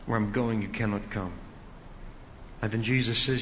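A male pastor teaching an expository sermon, emphatic and building to loud peaks. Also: lowish voice, fairly even intonation, moderate pace, pauses often, slight background noise. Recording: dull reverberant hall sound.

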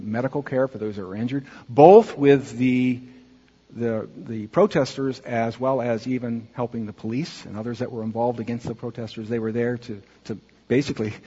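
A man speaking earnestly to a congregation as he narrates a slideshow, asking for the next slide and pausing on fillers. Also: mid-range voice, warm tone, slightly rough. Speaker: church mission speaker presenting slides. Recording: dull, muffled audio with long hall reverb.

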